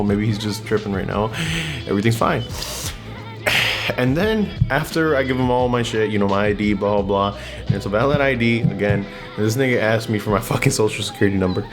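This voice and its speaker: A young man telling stories in a blunt, slangy rant, swearing constantly. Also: fairly low pitch. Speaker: vlogger. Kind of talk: casual profane rant, storytelling. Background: music.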